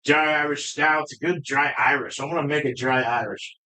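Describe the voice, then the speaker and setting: Profane rambling homebrewer, slightly high voice. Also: male voice, fairly even intonation, normal speed, pushed and bright. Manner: rambling, profane, laughs often. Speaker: homebrewing live-stream host. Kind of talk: casual live-stream chat. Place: home brewing space. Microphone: streaming setup.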